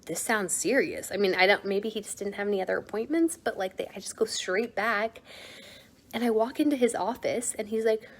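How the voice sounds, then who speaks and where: A woman's voice: mid-range voice, a little fast. Chatty American woman telling a story. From United States. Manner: chatty, animated retelling full of "like" fillers. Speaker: vlogger. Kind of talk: casual storytelling.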